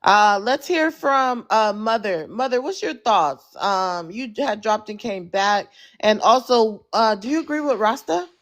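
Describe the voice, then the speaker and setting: A woman's voice: a little high, animated. Exclamatory woman hosting a panel. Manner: exclamatory, brisk moderator. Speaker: host. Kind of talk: moderating a live audio panel.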